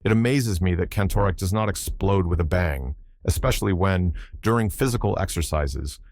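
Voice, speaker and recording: Deep-voiced man narrating an audiobook. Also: normal speed, a little mellow. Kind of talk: scripted first-person narration.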